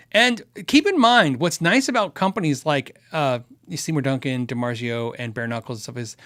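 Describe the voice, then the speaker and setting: A man's voice: medium pitch, fairly bright tone. A man hosting a casual livestream, answering viewer questions about gear in a chatty, rambling way. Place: Arizona.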